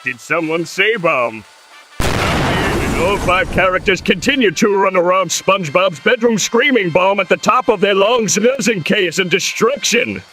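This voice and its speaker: A man's voice: sits high, measured pace, background noise. A synthetic male AI voice reading scripted narration. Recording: echoey, long reverb, with music.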